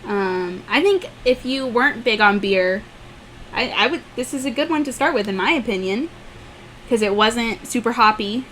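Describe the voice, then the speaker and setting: A talkative woman co-hosting a relaxed beer-tasting podcast, with a fairly high voice. She chats loosely and laughs often. A faint hiss runs under her speech. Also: normal speed. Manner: chatty, laughs easily. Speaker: podcast co-host. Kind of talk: casual chat while tasting beer.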